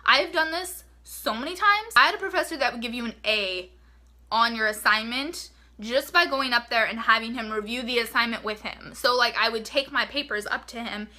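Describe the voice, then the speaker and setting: A young woman talks straight to her viewers in a casual advice vlog. Her voice sits a little high and rings bright and sharp. She is frank and chatty, filling her sentences with "like". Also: normal speed. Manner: chatty, frank, fills speech with "like". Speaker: vlogger giving college tips.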